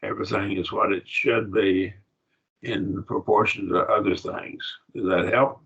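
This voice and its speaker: A man's voice: lowish voice, steady tone, a little slow, creaky, fairly bright tone, breathy edge. A man teaching a classroom grammar lesson, patiently repeating words as he explains. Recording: dull lo-fi recording.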